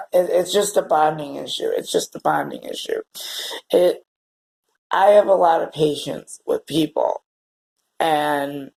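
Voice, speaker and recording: A man talking to the camera in a personal vlog, halting and heartfelt, often repeating words as he searches for what to say. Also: fairly high pitch, vocal fry, darkish tone. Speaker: vlogger. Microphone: camera held or set facing away.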